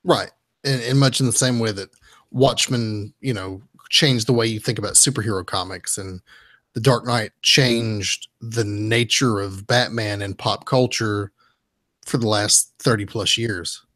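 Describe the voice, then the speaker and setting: A man's voice: lowish voice, fairly even intonation, unhurried, fairly bright tone, dry recording, studio quality. A man hosting a casual comic book podcast, recapping stories in a rambling, easygoing way with frequent restarts. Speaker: podcast host.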